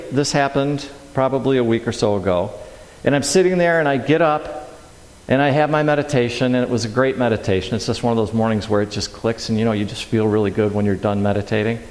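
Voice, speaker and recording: A middle-aged man giving a sermon in a church, telling a personal story in an animated way and acting out his own reactions. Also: on the low side. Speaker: speaker at a church service. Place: large church hall. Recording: echoey hall with long reverb.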